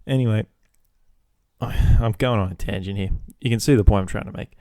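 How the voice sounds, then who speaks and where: A man's voice: fairly low pitch, moderate pace, dark tone, dry recording, studio quality. A young Australian man hosting a solo podcast, rambling casually and swearing freely. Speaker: podcast host.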